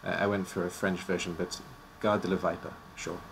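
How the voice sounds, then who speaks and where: A man's voice: deep voice, flat delivery, brisk, creaky, fairly bright tone, a little hiss or hum. A man casually presenting teams on a live stream, his voice slightly worn out, joking and stumbling over odd names.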